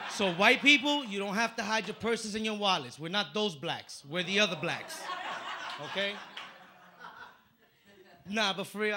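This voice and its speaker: A man from the Dominican Republic doing a stand-up comedy set on a club stage into a handheld mic, telling stories with punchy, animated delivery. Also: high-pitched, noisy background. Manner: punchy, animated storytelling with acted-out voices.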